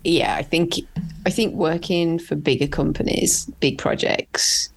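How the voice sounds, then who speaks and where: A woman's voice: low voice, gravelly, breathy edge. A woman, a construction engineer and podcast guest, speaking candidly and emphatically in a casual chat. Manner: candid, emphatic, quick to agree.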